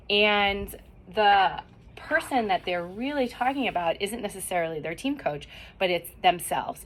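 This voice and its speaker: A woman's voice: medium pitch, expressive, normal speed, fairly bright tone. A middle-aged woman giving encouraging mental-skills tips at home, upbeat and acting out quoted self-talk. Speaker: cheer mental-skills speaker.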